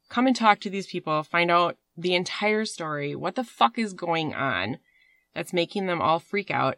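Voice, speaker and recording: Rambling low-voiced woman podcast host. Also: fairly bright tone, no room sound. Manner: rambling, swearing, many fillers. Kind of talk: casual storytelling chat.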